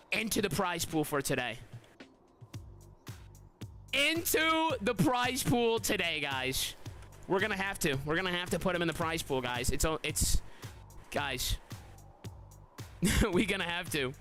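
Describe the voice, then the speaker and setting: Excitable high-voiced young man streamer. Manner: excitable, repeats "guys" constantly, yells at surprises. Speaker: streamer hosting a game tournament. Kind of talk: live game stream talk to chat.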